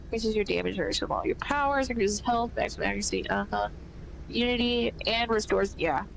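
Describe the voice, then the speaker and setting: A woman's voice: fairly high pitch, big pitch swings, a little fast, creaky, a little hiss or hum, low-quality recording. A woman casually commentating a video game playthrough, thinking aloud with a stuffy nose. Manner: thinks aloud, rambling with fillers. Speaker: gaming streamer.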